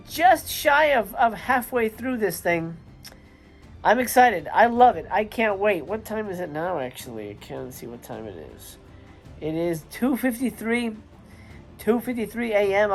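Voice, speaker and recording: Male host, late-night movie commentary: tired but gushing, lots of restarts, faint music underneath. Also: sits high. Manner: enthusiastic, rambling with restarts. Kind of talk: casual watch-along commentary.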